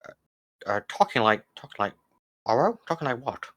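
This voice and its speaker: A man voicing a fussy, fancy gentleman in a tuxedo with an odd lisp, stressed and insisting he talks as he always does. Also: mid-range voice, sing-song, brisk. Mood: baffled. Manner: stressed, baffled, insisting he sounds normal. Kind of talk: improvised tabletop role-play voice.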